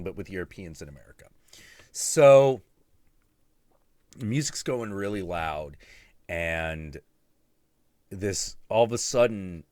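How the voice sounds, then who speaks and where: A man hosting a livestream, telling stories in casual chat, animated and profane, often breaking into laughter. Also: low-pitched, no echo, clean studio sound. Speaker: livestream host.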